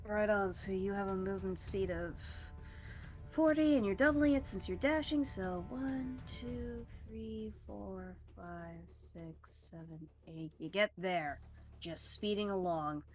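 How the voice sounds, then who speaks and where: A woman acting as game master in a tabletop game over voice chat, relaxed and often laughing. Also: medium pitch, slow pace, faint music behind. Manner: relaxed, counts squares aloud, laughs often. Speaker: dungeon master.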